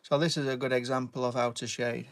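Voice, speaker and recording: A man's voice: medium pitch, little pitch movement, fast talker. A British man chatting casually while giving a drawing tutorial and thanking viewers. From Britain. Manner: chatty, reads out viewer names and thanks them, "mate". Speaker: artist live-streaming.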